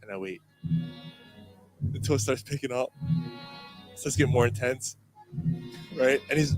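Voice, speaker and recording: Co-hosting a crude, casual sports podcast from a pub or bar studio, a man tells animated stories, swearing a lot and acting out screams. He speaks at normal speed in a mid-range voice, pausing often, with faint music in the background.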